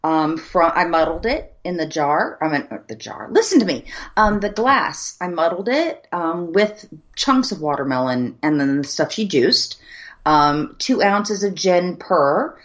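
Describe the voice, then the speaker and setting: A woman's voice: lowish voice, sing-song, a little slow, lo-fi sound. A Southern American woman co-hosting a podcast, a little tipsy, telling a rambling story with laughs and the odd swear. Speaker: podcast co-host. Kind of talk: casual chat.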